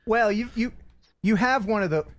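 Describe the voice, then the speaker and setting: A man hosting a casual livestream chat with a neutral American broadcast accent. He jokes and talks in an animated way. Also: moderate pace. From Philadelphia area, US. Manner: joking, animated, jumps in pitch when excited. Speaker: host.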